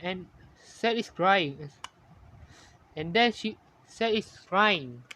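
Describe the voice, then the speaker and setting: A man narrating a fan-made story in halting, ungrammatical English, often correcting himself. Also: high voice, lively intonation, pushed and bright.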